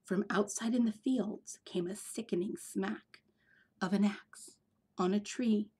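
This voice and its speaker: A woman reading a storybook aloud in an expressive way, often dropping into breathy whispers. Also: medium pitch, measured pace. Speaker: storybook reader. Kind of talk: read-aloud storybook narration.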